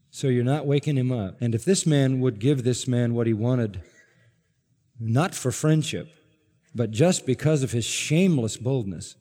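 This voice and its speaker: A man preaching an expository sermon to a congregation, emphatic and climbing to forceful peaks on key words. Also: medium pitch, slightly rough. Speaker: pastor. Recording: long hall reverb.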